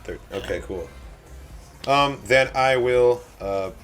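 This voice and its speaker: A man's voice: fairly low pitch, moderate pace, fairly bright tone, soft background music. A man playing a tabletop role-playing game, talking casually and hesitantly while checking his notes. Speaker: player.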